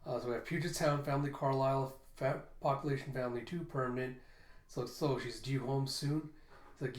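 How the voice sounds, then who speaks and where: Dude casually narrating a comic on stream, mid voice, echoey room. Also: male voice, mid-range voice, fairly even intonation, a little fast. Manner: loose, retelling with "and he goes". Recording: roomy echo.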